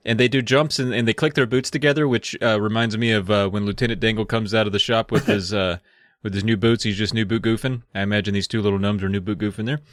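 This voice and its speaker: A man co-hosting a casual podcast, recapping a book in a relaxed way with many fillers. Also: fairly low pitch, fast, dry recording, clean studio sound. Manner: laid-back, lots of uh fillers. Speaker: podcast co-host.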